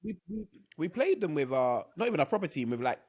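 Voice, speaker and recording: A man co-hosting a podcast in casual chat, agreeing readily, laughing often and trying to calm things down. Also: a little high, quick pace, husky. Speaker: podcast co-host.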